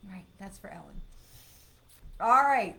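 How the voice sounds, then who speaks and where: A woman's voice: mid-range voice, expressive, a little slow, fairly bright tone. A woman reading cards on a live stream in a chatty, encouraging way, breaking off now and then to ban spammers. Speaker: psychic medium doing live card readings.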